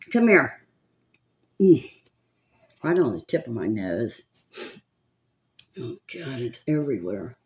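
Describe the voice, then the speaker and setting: Chatty older Southern woman, lively voice. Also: sits low. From California. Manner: chatty, gossipy, rambling with frequent laughs. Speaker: makeup vlogger. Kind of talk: casual chat while doing makeup.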